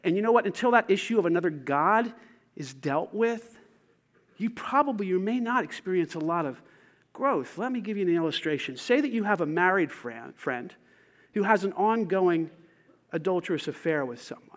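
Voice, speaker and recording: A man preaching a sermon as pastor, swinging between loud calls and hushed asides. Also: high-pitched, expressive, moderate pace.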